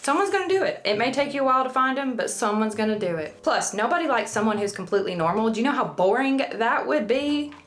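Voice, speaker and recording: A woman with a Southern US accent and a fairly high voice chats casually through a DIY craft vlog recorded in a bathroom. She talks fast and animatedly with few pauses, joking, rambling and sometimes tripping over her words. There's a little hiss or hum on the recording.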